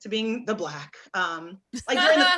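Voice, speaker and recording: Bright-voiced woman doing stand-up. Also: mid-range voice, sing-song. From Oklahoma. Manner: halting delivery with many "um"s and restarts, dry punchlines. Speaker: stand-up comedian. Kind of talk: stand-up comedy set. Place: comedy club stage with audience.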